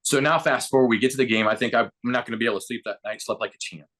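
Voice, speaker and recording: A man in his fifties spins a long anecdote in relaxed, conversational interview style. His voice sits at an ordinary middle pitch and swings up when the story excites him. He slips into the voices of the people he quotes. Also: rapid-fire. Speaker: podcast guest, baseball broadcaster and former player.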